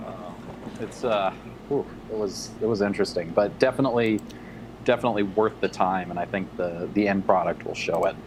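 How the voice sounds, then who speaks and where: Young adult male co-host, low-pitched, upbeat chatter, phone mic with audible background noise. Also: steady tone, fairly quick. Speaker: livestream co-host, lore writer. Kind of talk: casual livestream chat.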